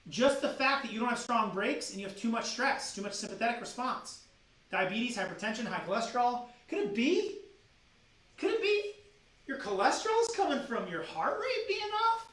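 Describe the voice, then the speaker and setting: A man, a doctor, giving an energetic seminar-style health training, preachy and animated, firing teasing rhetorical questions at his audience. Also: high-pitched. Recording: roomy sound with the mic at a distance.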